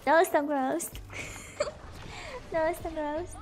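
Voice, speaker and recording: Very high-pitched giggly woman streamer. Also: fairly even intonation, slow pace, over music. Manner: giggly, laughs often, chatty. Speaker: game streamer. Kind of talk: casual gameplay chat.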